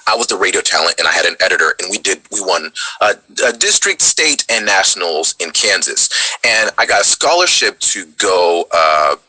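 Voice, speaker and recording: A man in his twenties from Texas, a voice actor chatting casually on a video call as he tells his story in a relaxed, lively way. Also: low voice, normal speed, no echo, rough recording. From Dallas, Texas. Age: 20s. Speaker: voice actor guest.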